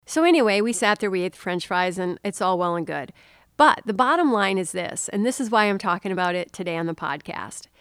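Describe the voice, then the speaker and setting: A middle-aged woman hosting a podcast, telling a story casually and animatedly, with quick pitch jumps when she quotes people. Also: no room sound, studio quality. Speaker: podcast host.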